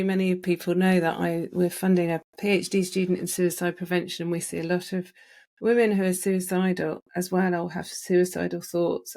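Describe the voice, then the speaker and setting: A middle-aged woman doctor hosting a podcast interview, explaining in a measured way with frequent restarts. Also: fairly low pitch, gravelly, darkish tone. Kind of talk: interview conversation.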